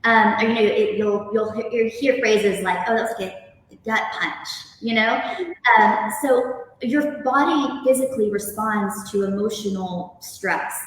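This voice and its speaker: A woman yoga instructor speaking calmly, gently guiding breathing and stretches. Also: medium pitch, unhurried, heavy reverb, in a large hall, distant mic, poor audio. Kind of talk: guest interview then guided yoga instruction.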